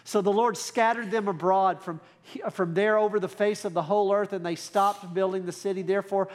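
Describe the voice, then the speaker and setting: A man preaching a sermon, animated and conversational, with frequent asides to the congregation. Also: high-pitched, fairly quick. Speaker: pastor.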